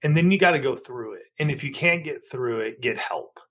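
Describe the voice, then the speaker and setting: A man in his forties talks with earnest emphasis as a podcast guest. His voice is mid-pitched and the audio comes through dull and slightly lo-fi. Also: expressive, brisk, a bit bright. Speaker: guest, marriage coach. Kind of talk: podcast interview.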